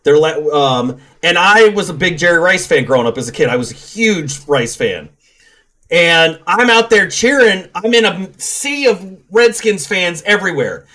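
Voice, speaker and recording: A man's voice: high-pitched, lively intonation, normal speed, bright, forceful tone. A middle-aged man co-hosting a gaming podcast in casual chat, rambling, swearing and laughing often. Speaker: podcast co-host.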